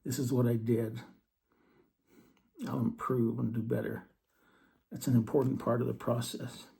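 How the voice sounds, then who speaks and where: A man giving an earnest scripture study talk, reading verses slowly and then explaining them. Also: mid-range voice, flat delivery, creaky, warm tone. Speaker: religious teacher.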